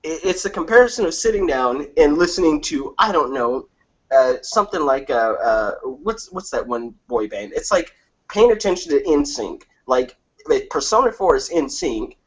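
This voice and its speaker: Husky man ranting profanely about games. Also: fairly high pitch, moderate pace, highs cut off. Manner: profane, animated ranting with comic impressions. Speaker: podcast panelist. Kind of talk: casual gaming discussion.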